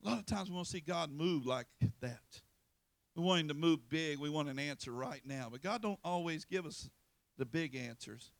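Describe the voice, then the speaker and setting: A man preaching a sermon, pleading and impassioned, with sudden loud swells. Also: on the high side, normal speed, vocal fry, no room sound.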